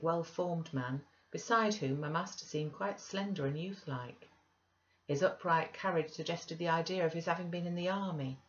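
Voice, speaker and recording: Low-voiced woman reading a classic novel. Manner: measured, even narration. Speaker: audiobook reader. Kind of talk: classic novel read aloud. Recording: dull lo-fi recording.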